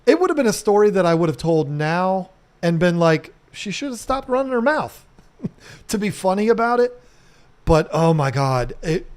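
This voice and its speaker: Middle-aged guy rambling thru a story on his house vlog, kinda high voice, does goofy sound effects and cusses casually. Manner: animated storyteller who mimics sounds and swears casually. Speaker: home restoration vlogger.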